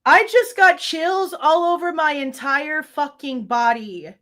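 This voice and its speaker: A woman's voice: high voice, takes it slowly, bright, forceful tone. A young woman reacting live to true crime footage on a stream, casual and swearing often while she talks to her chat.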